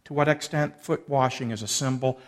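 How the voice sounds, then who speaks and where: A man's voice: medium pitch, fairly even intonation, brisk. A man preaching a sermon, expounding a passage and acting out the quoted lines with shifting emphasis. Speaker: pastor.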